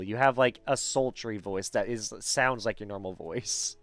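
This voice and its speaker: Chatty guy hosting a casual talk, smooth voice, lots of ums and laughs. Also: medium pitch, normal speed, no room sound. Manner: chatty, laughs often, many fillers. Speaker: host. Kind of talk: casual chat.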